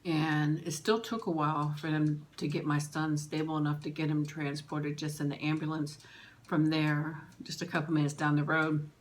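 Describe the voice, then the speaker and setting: A middle-aged woman vlogger telling a personal story in an emotional, halting way, with pauses and restarts. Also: sits low, flat delivery, a little hiss or hum.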